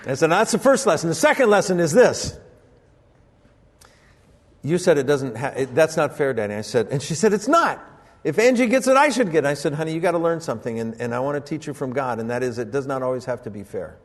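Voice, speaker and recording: An older man preaching a sermon as pastor, telling family stories and acting out voices with sudden high jumps in pitch. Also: expressive, quick pace, big-room sound. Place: church sanctuary.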